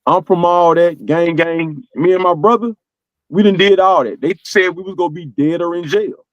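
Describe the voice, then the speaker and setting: A man's voice: high-pitched, moderate pace, no room sound, muffled recording. A middle-aged man with a Southern US accent, giving earnest, streetwise advice in casual podcast talk. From American South. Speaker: podcast co-host.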